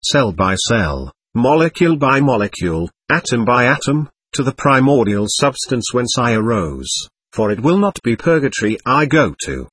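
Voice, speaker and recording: A man's voice: mid-range voice, big pitch swings, moderate pace, few pauses, fairly bright tone, slightly rough, dry recording. A man reading the lines of a male spirit of darkness, defiant and snarling.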